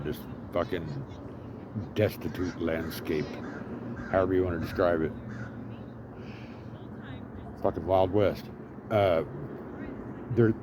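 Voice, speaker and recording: A man's voice: low voice, noisy background. A man telling a rambling story full of swearing and fillers, outdoors in an urban setting. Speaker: vlogger living homeless.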